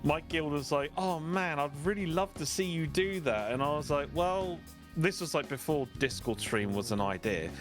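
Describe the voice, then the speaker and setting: A man's voice: on the high side, lively intonation, moderate pace, over music. A man with a British accent, a streamer guest in a casual interview chat, telling stories and laughing easily. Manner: chatty storyteller, laughs easily.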